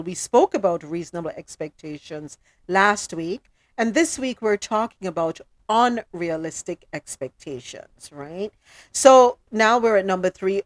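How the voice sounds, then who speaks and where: A woman's voice: medium pitch, dry recording. A woman hosting a relationship talk show, talking casually and acting out her own thoughts as she tells a story.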